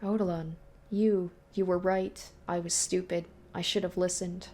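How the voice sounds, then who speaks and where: A woman's voice: on the low side, little pitch movement, measured pace, a little mellow, natural voice. A woman reading a visual novel aloud in the voice of a young male ruler, brooding as he tells his story. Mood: anguished. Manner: brooding, first-person storytelling.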